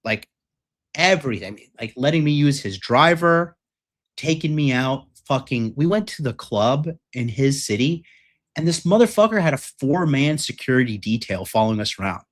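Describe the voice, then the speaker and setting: A man's voice: medium pitch, lively intonation, moderate pace. A young man hosting a livestream, talking bluntly and profanely in a rambling way with lots of fillers. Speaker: dating coach host. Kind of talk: livestream rant.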